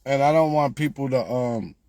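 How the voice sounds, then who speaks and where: A man talking casually to viewers about lottery picks, repeating himself and growing exasperated, getting louder when he quotes their questions. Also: medium pitch, normal speed, no room sound. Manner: repetitive, exasperated, rises when quoting viewers. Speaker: lottery tips creator.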